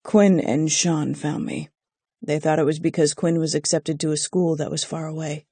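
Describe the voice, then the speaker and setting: An audiobook narrator voicing a protective, haunted young man who talks in a low, clipped way. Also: fairly even intonation, moderate pace, dark tone, breathy edge, no room sound. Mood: bitter. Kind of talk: audiobook character voice.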